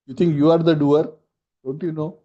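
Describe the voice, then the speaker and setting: A man's voice: on the high side, level tone, moderate pace, mellow, pitched above the performer's own voice, lightly acted. A man voicing a learned male demon king who chides a rival with rhetorical questions, on a dull lo-fi recording. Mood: chiding. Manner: chiding, rhetorical.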